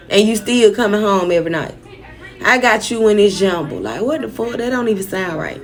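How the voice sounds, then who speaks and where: A woman telling a personal story in a casual vlog, blunt, profane and indignant, with sudden shouts. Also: medium pitch, a little fast.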